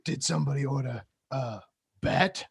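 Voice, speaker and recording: A man doing a gravelly, menacing female vigilante. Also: mid-range voice, normal speed. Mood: smug. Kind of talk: comedic live script reading.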